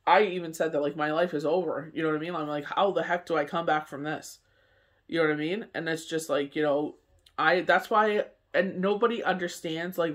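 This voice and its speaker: A man's voice: fairly high pitch, fairly bright tone. A man from Canada, a tarot reader and medium, chatting casually to camera in a rambling way, full of "you know what I mean".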